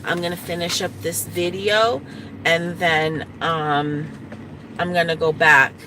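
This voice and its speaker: A woman vlogging from her car into a phone, talking in a rambling, halting way with many restarts. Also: fairly low pitch, steady tone, bright, forceful tone, slight background noise. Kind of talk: casual vlog commentary. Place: inside a parked car.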